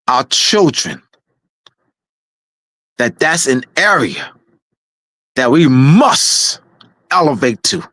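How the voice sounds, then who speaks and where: With no room sound, this weekly talk show presenter speaks in a medium-pitched, fairly bright voice. He lectures emphatically, repeating key points insistently and restarting his sentences frequently.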